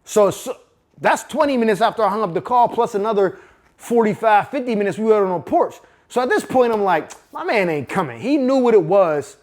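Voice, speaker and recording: A man from Pittsburgh spins a personal story in casual street slang and heavy profanity. His voice sits high for a man, and the delivery stays animated and conversational. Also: a little fast.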